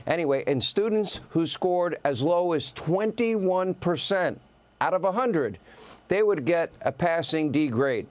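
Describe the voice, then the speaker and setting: A man's voice: on the high side, expressive, a little slow. Sarcastic male opinion host. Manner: sarcastic, punchy lists of complaints. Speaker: news host. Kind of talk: opinion monologue.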